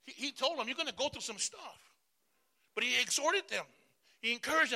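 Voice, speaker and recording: A man pastor preaching a sermon, calling out to the congregation for responses and swinging between loud bursts and soft asides. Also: very high-pitched, expressive, brisk, vocal fry. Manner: emphatic call-and-response preaching.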